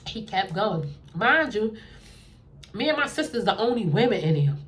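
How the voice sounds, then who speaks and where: A young adult woman telling a dating story in a casual, animated way, acting out what people said in a lowered voice. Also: normal speed.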